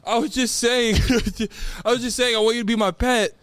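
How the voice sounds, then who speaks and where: A man's voice: very high voice, steady tone, normal speed, a bit bright, no echo. Playful teasing young man, dry sound. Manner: playful, teasing, laughs often. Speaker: podcast co-host. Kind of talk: casual comedic chat.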